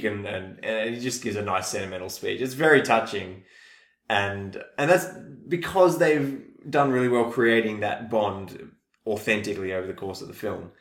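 A man with a lowish voice chats about a film, recapping scenes with animated quoted lines from the characters. The sound is roomy and echoey. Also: moderate pace. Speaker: podcast co-host. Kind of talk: casual film discussion.

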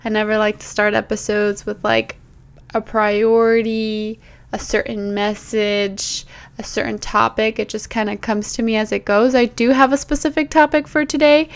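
A woman's voice: medium pitch, flat delivery, moderate pace. A young woman hosting her own podcast, chatting playfully and directly to listeners as their bestie, recorded as a phone voice memo. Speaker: podcast host. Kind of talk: casual chat.

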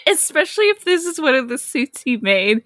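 Giggly woman with a bright, lively voice. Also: high voice, brisk, no echo, clean studio sound. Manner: giggly, laughs often. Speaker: podcast co-host. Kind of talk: casual comic-book chat.

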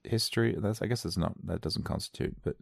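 A man's voice: low-pitched, fast talker, gravelly, slightly rough, dry recording, studio quality. A man hosting a solo comedy show, riffing sarcastically and playfully in a rambling monologue.

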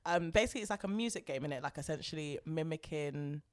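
A young woman co-hosting a casual podcast, full of slang and quick to laugh. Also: deep voice. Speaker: podcast co-host. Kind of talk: casual chat.

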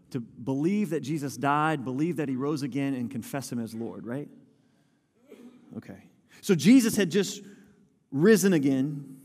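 A man's voice: mid-range voice, darkish tone. A man preaching a sermon, reading scripture aloud and putting questions to his listeners. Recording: long hall reverb with faint music.

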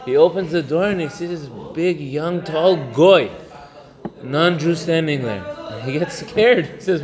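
A man giving an informal Torah lesson, talking conversationally, mixing in Hebrew terms and telling stories with halting fillers. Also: fairly high pitch, darkish tone. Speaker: Torah class teacher. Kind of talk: informal religious lesson with storytelling.

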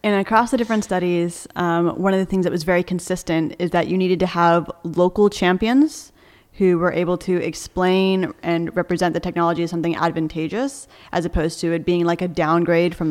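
A woman's voice: fairly low pitch, fairly even intonation, fairly quick, a little mellow, in a large hall. A woman co-hosting a casual podcast, arguing her points with energy and laughing often. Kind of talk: casual debate chat.

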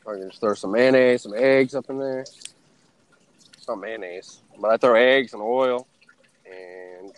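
A man's voice: on the low side, slow, long pauses. A man with a Southern US accent co-hosting a casual, profane, joking chat show. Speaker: podcast co-host.

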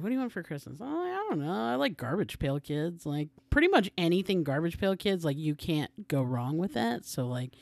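A man's voice: fairly high pitch, creaky, darkish tone, dry recording. A man chatting casually as a podcast guest, rambling with lots of filler words. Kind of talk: casual chat.

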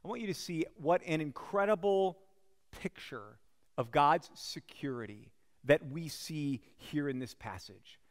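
A man's voice: a little high, long reverb tail. A man preaching a sermon as a pastor, telling the story in a conversational way with frequent asides to the congregation.

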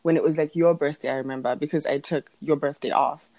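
A woman's voice: sits low, steady tone, fast, darkish tone, no room sound. A young woman co-hosting a podcast in casual chat, rambling and laughing, with a sleepy morning voice. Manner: chatty, rambling, laughs often. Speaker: podcast co-host.

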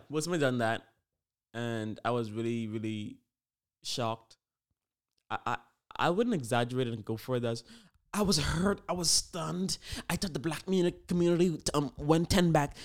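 A man hosting a casual solo podcast, rambling and animated with lots of fillers, hyping things up. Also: medium pitch. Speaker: podcast host.

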